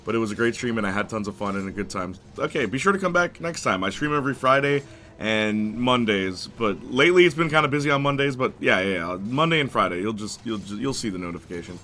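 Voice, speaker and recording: Bright-voiced joking male game streamer. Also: fairly low pitch, expressive, fast, a little hiss or hum. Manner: joking, giggly, reads and answers chat. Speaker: gaming streamer. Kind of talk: casual live-stream chat while playing.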